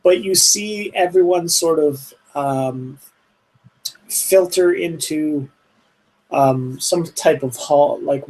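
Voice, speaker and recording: On a rough recording, a game master with a Canadian accent narrates a tabletop game in a meandering way, heavy on fillers and restarts. He speaks slowly, with a somewhat high, slightly mellow voice.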